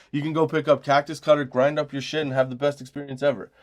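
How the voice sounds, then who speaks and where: A man's voice: on the high side, level tone, fast. Profane, laughing man in his forties. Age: 40s. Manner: profane, laughing often, mimics customers. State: high. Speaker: comedy podcast host. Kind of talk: casual storytelling rant.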